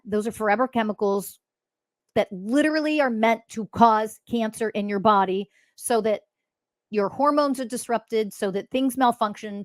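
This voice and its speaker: A woman's voice: medium pitch, dry recording. A woman hosting a spiritual podcast, talking in a blunt, profane, mocking monologue. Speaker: podcast host.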